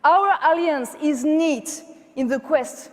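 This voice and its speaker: A woman's voice: high voice, slow pace. A woman from France with a French accent giving an impassioned political speech at a conference, speaking English as a second language. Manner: impassioned, emphatic oratory. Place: large conference hall. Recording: long hall reverb.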